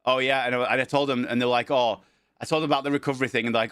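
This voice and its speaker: A man, a streamer casually telling a long story and acting out the dialogue with lively energy. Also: mid-range voice, racing, clear, resonant tone, dry recording, studio quality. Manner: animated, acts out quoted dialogue.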